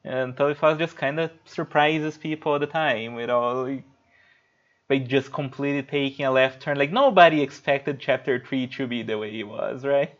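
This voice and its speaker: A man's voice: mid-range voice, steady tone, normal speed, dull audio. A man streaming a video game, chatting casually, rambling and swearing loosely while he plays. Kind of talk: casual livestream gameplay chat.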